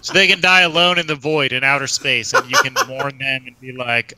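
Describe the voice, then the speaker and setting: A man's voice: mid-range voice, steady tone, a little fast, hardly any pauses, sharp tone, a little hiss or hum, low-quality recording. A man, a game developer guest, explaining his plans eagerly with some jokes over an online voice call. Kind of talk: casual interview talk.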